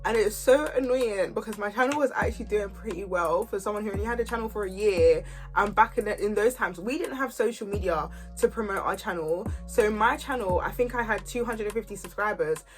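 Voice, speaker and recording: A woman, telling a story in an animated, chatty, slangy way. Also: mid-range voice, a little fast, soft background music. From Kent, England. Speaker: YouTuber. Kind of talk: storytime vlog chat.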